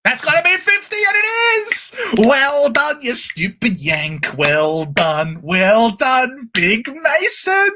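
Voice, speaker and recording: A high-voiced man calls a football match for his live-stream audience at an unhurried pace. His tone is bright and lively, and he breaks into shouts and cheers at the play. He speaks into a home streaming mic. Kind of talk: excited live sports commentary.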